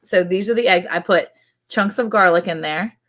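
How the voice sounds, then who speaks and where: A woman talks in a relaxed, chatty way, telling stories with animated flair. Her voice sits a little low for a woman. It sounds like an easygoing live chat. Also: normal speed, a little hiss or hum. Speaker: co-host of a ranch livestream. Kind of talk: casual chat.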